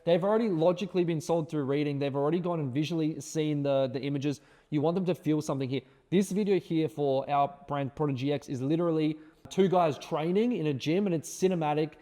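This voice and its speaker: Male course instructor, emphatic and repetitive, mellow tone, fairly high voice, echoing room. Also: brisk, hardly any pauses. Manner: emphatic, repeats words, tag questions. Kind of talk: screen-share tutorial.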